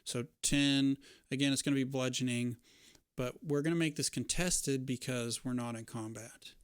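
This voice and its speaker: A man narrating as game master of a tabletop game, describing scenes in a relaxed way with casual fillers. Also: mid-range voice, moderate pace, clear, resonant tone, dry recording, studio quality.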